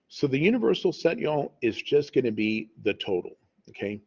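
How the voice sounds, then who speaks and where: Husky-voiced man explaining fractions. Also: mid-range voice, sing-song, moderate pace, a little mellow, muffled recording. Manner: conversational, says "y'all" and "okay?" often. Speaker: math teacher. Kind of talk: recorded math lecture.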